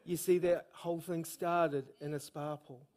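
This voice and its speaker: Kiwi guy preaching in church, pretty high voice, lively and slangy, big on stories. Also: unhurried. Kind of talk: sermon storytelling. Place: church service.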